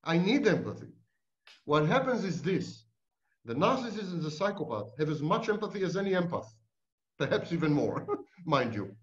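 A man's voice: fairly high pitch, sing-song, normal speed. A man answering interview questions as an expert, lecturing emphatically and stacking lists of near-synonyms. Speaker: interview guest, narcissism expert. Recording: dull lo-fi audio.

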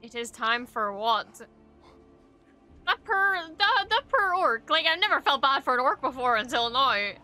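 A young adult woman giving casual reaction commentary at her home streaming desk, excitable and gushing, swearing freely. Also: sits high, normal speed, soft background music.

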